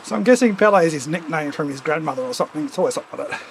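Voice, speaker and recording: A man's voice: a little high, animated, rapid-fire, creaky, a little hiss or hum, rough recording. A man with a runny nose from a cold, chatting casually and rambling with asides while riding on a home trainer as a stream host. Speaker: streamer hosting a cycling ride-along.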